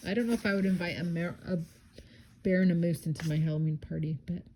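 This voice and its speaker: A woman's voice: on the low side, fairly even intonation, quick pace, noisy background. A mother reading a children's picture book aloud expressively, dropping in chatty asides of her own.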